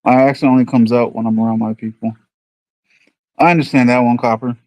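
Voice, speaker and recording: A man with a New York accent chatting with viewers on a livestream in an easygoing way, drifting from one thought to the next. His pitch sits in a middle range. The room sounds dry and close, with no echo. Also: fairly even intonation, brisk, a little mellow. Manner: rambling, easygoing, thinks aloud. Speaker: livestream host. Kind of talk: casual livestream chat with viewers.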